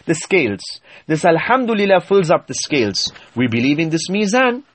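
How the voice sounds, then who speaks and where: A man's voice: on the high side, very animated, moderate pace. A man giving an Islamic sermon, explaining terms in an emphatic, teaching manner with frequent hesitations. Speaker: Islamic preacher.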